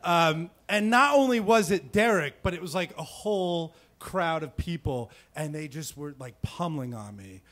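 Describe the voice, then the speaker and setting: Man in his thirties, fairly high voice, from New Jersey, casual rambling live storytelling, fillers, restarts. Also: expressive, normal speed, few pauses, a bit bright. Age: 30s. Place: stage before a live audience.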